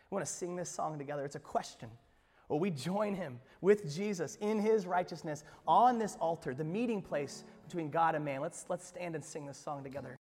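A man pastor preaching an Easter sermon, expressive, swinging from hushed lines to emphatic ones with playful asides. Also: on the high side, long reverb tail. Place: church sanctuary.

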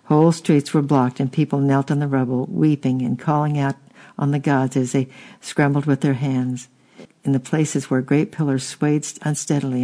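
A man narrating a historical story aloud in a steady reading, now and then stumbling and repeating a word. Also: medium pitch. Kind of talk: audiobook reading.

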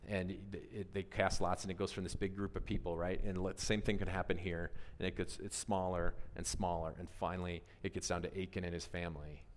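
A man preaching a conversational sermon, animated and always asking his listeners questions. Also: deep voice, a little fast, few pauses. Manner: animated, asks the audience questions, often adds "right?". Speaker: pastor. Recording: long reverb of a large hall.

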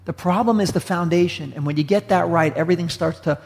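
Male pastor, gravelly, slightly high voice, mid-sermon storytelling, long hall reverb. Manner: storytelling, acts out dialogue, slows for emphasis.

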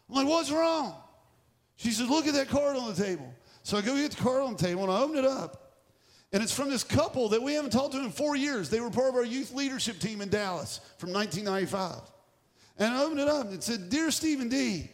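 A middle-aged man, a pastor, preaching a sermon and telling a personal story with animated, acted-out dialogue. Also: high-pitched.

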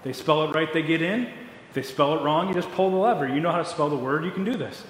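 A man's voice: on the high side, quick pace, lightly acted. A man voicing a businesslike male gatekeeper of heaven, explaining the rules in a matter-of-fact way. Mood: hurried. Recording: echoey hall, faint noise.

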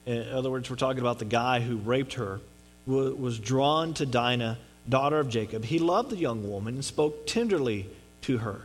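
A pastor delivers a conversational sermon on a Bible passage, speaking earnestly and often checking in with his listeners. His voice is medium-pitched and his pace normal.

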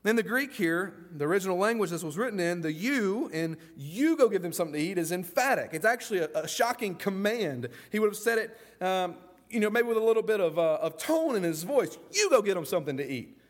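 A man preaching a sermon as pastor, in a lively, folksy way, often acting out the voices of the people in his story. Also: high voice, fairly quick, hardly any pauses.

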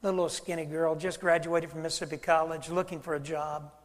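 A man's voice: on the high side, little pitch movement, fast. A man pastor, preaching a sermon and acting out both sides of a conversation as he tells a story. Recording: church hall reverb.

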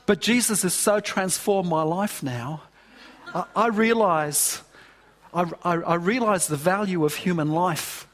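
A man voicing an excited new convert, eager, earnest and gushing. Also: high-pitched, unhurried. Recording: long hall reverb.

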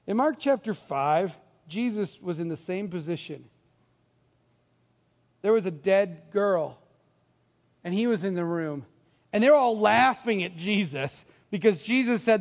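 A middle-aged man preaching a sermon as pastor, telling stories in an animated way and acting out the voices of the people in them. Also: sits high, unhurried, long reverb tail. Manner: animated storytelling, acts out quoted voices.

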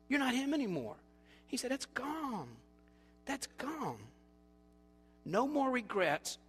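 High-voiced male pastor preaching in a hall. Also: husky. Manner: animated preaching, acts out quoted voices, softens to quiet appeals. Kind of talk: sermon.

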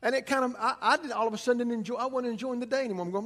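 A man's voice: extremely high pitch, racing, a bit bright. A man, a pastor preaching a conversational sermon and telling stories with frequent restarts.

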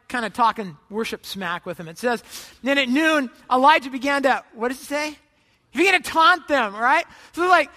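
High-voiced, animated male preacher. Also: big-room sound. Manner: animated storytelling, acts out voices. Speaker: pastor. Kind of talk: sermon.

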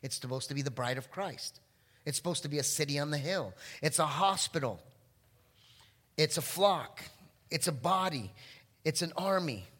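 Bright-voiced pastor in an echoing hall. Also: male voice, a little high, moderate pace, pauses often, breathy edge. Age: middle-aged. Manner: storytelling, animated then quiet and tender. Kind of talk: sermon. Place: church sanctuary.

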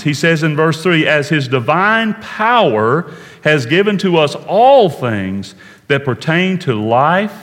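A man preaching a sermon in an earnest way, slowing down to stress key words and dropping to a hush at times. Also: medium pitch, long reverb tail. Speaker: pastor.

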